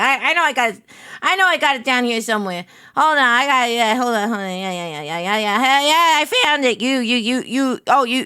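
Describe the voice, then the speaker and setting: Squeaky, bubbly woman streamer, high and lively. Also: no room sound, studio quality. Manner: bubbly, giggly, stammers and repeats words. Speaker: VTuber streamer. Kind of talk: casual live stream chat.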